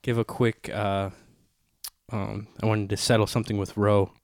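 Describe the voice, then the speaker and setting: A man co-hosting a casual podcast in a small room, excitable and quick to swear. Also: lowish voice, no echo, studio quality. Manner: loud, excitable, swearing, laughing often. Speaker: podcast co-host. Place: small room with a space heater.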